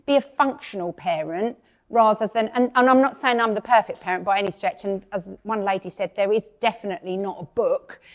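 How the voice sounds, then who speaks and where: A woman's voice: mid-range voice, brisk. A woman in her fifties from England giving a chatty, self-deprecating speech to an audience, laughing often as she talks. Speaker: event speaker.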